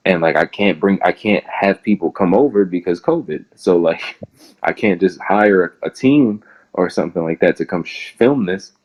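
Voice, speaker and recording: A man's voice: low-pitched, expressive, normal speed, a little mellow, rough recording. A young man, a guest in an interview, telling a long story in a rambling casual way and filling nearly every phrase with "like".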